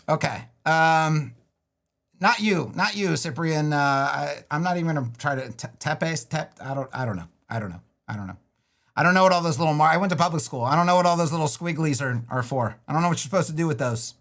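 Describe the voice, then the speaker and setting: Brief: middle-aged male web design streamer, high voice, animated and sarcastic, casual and a bit profane. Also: brisk. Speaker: web design educator on a livestream. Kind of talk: casual livestream teaching with a screen demo.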